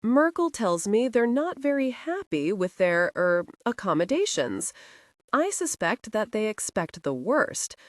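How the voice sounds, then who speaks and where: A woman's voice: mid-range voice, very animated, unhurried, no echo. A woman playing a cool, smug crime boss. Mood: coolly amused. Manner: dry, drawling and self-assured. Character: cool, powerful older male crime boss.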